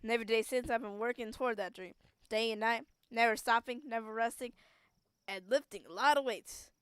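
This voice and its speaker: A woman's voice: on the high side, a little fast, clear, resonant tone, no room sound, natural voice. A woman reading as an earnest old chef. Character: earnest old male chef, sentimental and passionate.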